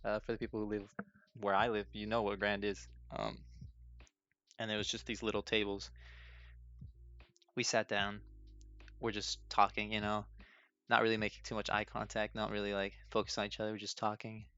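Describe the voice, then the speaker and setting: Young male podcast host, low pitch, nervous and self-mocking storyteller, muffled lo-fi recording. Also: sharp tone, no room sound. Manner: nervous, self-deprecating, laughs often. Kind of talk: casual solo storytelling. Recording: dull lo-fi sound with faint music.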